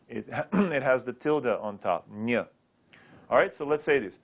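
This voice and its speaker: A man's voice: medium pitch, animated, measured pace, gravelly. A man teaching a recorded Sanskrit lesson, patiently drilling sounds aloud with light joking asides.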